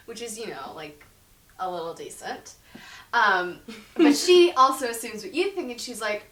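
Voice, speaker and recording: A young woman with a somewhat high voice runs through a story in loose, profane chat, dropping into quick impressions of each character. She sits well back from the mic in a roomy, echoing space. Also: lively intonation, bright, forceful tone. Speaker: book reviewer. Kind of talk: casual plot recap. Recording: echoey room, mic at a distance.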